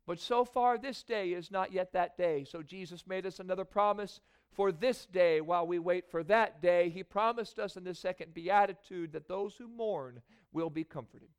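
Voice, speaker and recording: A man preaching a sermon in a church, moving from quiet prayer into rising, emphatic preaching. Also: high voice, normal speed, few pauses, smooth. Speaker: pastor. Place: church sanctuary.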